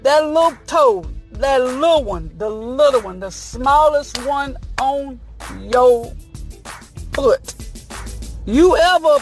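High-voiced lady host telling a funny story, folksy, loud and animated, calls everyone honey. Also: slow, soft background music. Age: adult, married. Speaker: show host. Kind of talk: lively comedic morning-show monologue.

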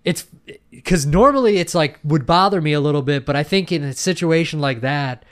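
A man's voice: fairly high pitch, brisk. Rambling, swearing young man. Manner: rambling, swears a lot, many restarts and fillers. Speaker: podcast co-host. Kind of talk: casual chat.

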